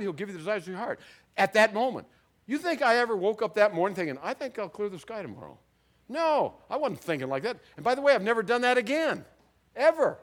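A male pastor preaching a sermon, telling stories animatedly and dropping very soft at dramatic moments. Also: sits high. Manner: animated storyteller, acts out voices, drops very soft for dramatic moments. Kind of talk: sermon with storytelling.

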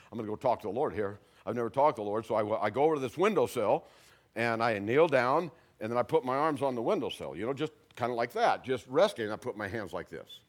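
An older man shares his testimony before an audience. His pitch rises and falls in lively swings. He drops to a hush and then bursts out loud as he talks. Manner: animated storyteller, swings from hushed to loud. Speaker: speaker giving testimony.

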